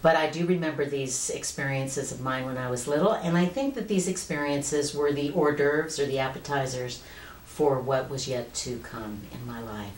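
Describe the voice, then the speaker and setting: A woman's voice: a bass voice, moderate pace, roomy sound, a little hiss or hum, rough recording. A woman in her late fifties earnestly telling a personal story to the camera in a conversational way. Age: 50s. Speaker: vlogger.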